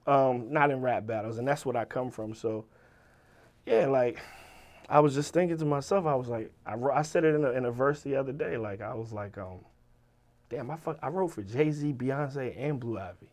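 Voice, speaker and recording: Animated, profane storytelling man. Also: medium pitch, moderate pace. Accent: Virginia. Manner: animated, profane, quotes people in lively voices. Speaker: interview guest, rapper and writer. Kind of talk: casual storytelling.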